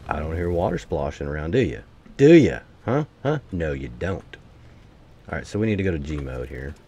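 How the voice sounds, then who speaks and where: A man's voice: a bass voice, animated, fairly quick, gravelly, darkish tone, slightly rough. A man giving casual gameplay commentary, swearing freely and grumbling to his viewers as he plays. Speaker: gameplay streamer.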